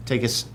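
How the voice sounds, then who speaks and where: Exasperated guy in a comedy skit, telling people off, a bit of hiss behind. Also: fairly bright tone. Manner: exasperated, scolding. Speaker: boss in a comedy sketch. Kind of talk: sketch comedy.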